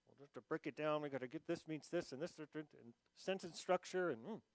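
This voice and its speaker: A man preaching a sermon in a conversational way, swinging between emphatic bursts and quiet, slowed-down stretches, sometimes playing a puzzled listener. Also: fairly high pitch, dry recording, clean studio sound. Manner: acts out quoted listeners in mock confusion. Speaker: pastor.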